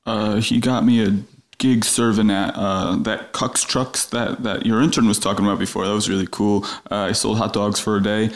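A man doing a comic impression of a washed-up Canadian film star, deadpan and self-pitying, with a Canadian accent. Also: on the low side, normal speed, lightly acted. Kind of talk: improvised comedy bit.

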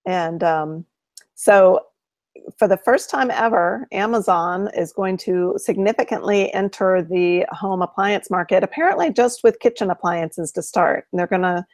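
A woman's voice: medium pitch, unhurried, dry recording. Woman co-host going over news bits, pretty dry close sound. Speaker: co-host of an appliance repair show. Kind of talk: casual chat.

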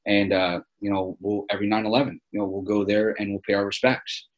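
In a casual interview, a guest tells stories in an earnest, rambling way, using many fillers and restarts. He is a man in his forties from New York whose voice sits on the low side, steady in tone and fairly quick.

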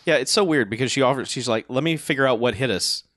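A man casually recapping a film plot on a podcast, sardonic, muttering the characters' lines low and flat. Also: fast talker, no room sound, studio quality. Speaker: podcast co-host. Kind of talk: casual movie review chat.

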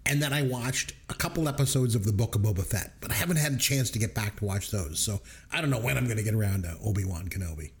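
A man co-hosting a casual podcast chat, jumping in with quick, jokey remarks. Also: fairly low pitch. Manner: quick, lively, jokey interjections. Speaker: podcast co-host.

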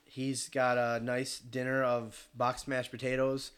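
A young man casually telling a hunting story, animated and swearing freely as he acts out other people's voices. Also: medium pitch, measured pace, clean tone.

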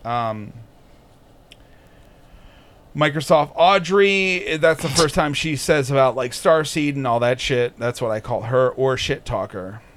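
A man's voice: medium pitch, measured pace, a bit bright. A man hosting a podcast in casual chat, swearing constantly and sneering sarcastically. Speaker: podcast host. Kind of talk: casual profane commentary.

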